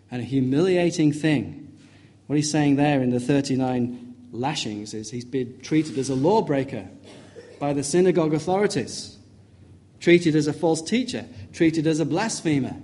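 A man's voice: a little high, expressive, measured pace, pauses often, dark tone. A man preaching an expository sermon, reading scripture aloud with emphatic rising questions.

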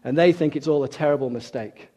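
A man preaching a sermon, retelling stories with dramatic shifts between loud outbursts and hushed lines. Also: fairly high pitch, quick pace. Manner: dramatic storytelling, acting out quoted voices.

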